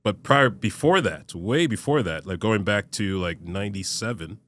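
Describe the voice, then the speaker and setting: A man in his fifties, speaking as a guest on a podcast. His voice sits low and deep. He talks in a measured, reflective way, and his sentences often fade out quietly at the end. Faint ambient noise hums behind him. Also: animated. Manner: measured, reflective, trails off softly at phrase ends. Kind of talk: casual conversation.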